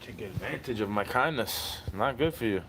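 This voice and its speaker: A man's voice: fairly low pitch, lively intonation, normal speed, fairly bright tone, a little hiss or hum. A man venting in a heated, profane monologue, repeating himself and circling back to the same points.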